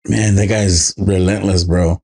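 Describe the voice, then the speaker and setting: A man co-hosting a casual podcast, laid-back and swearing freely, slipping into animated quoted voices as he tells stories. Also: low voice, a little slow, vocal fry, husky. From immigrated to the United States as a child. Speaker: podcast co-host. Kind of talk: casual chat.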